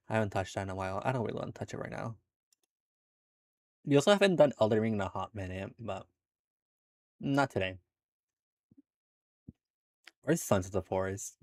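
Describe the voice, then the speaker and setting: A young adult man streams from home and chats casually with his live viewers, laid-back, laughing a lot and occasionally swearing. His voice is lowish and a little mellow, captured with studio quality and no room sound.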